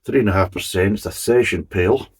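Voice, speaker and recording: A man's voice: lowish voice, quick pace, husky. A man hosting a casual beer review, grumbling and swearing between jokey asides as he reads the label.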